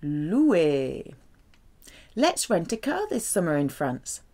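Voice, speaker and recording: Woman, French teacher, slow measured lesson delivery, very animated pitch. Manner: slow, careful, lively delivery with drawn-out French examples. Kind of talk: language lesson.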